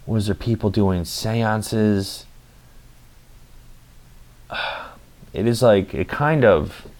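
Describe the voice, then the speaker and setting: Young man, lowish voice, casual rambling story, lots of swearing and fillers. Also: darkish tone. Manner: rambling, profane, full of fillers.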